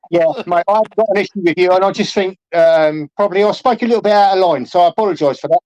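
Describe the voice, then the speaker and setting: A man's voice: high voice, fast, a little mellow, dry recording. A man on a livestream panel, hesitant and apologetic, with plenty of fillers. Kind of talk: casual livestream panel chat. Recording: dull lo-fi stream audio.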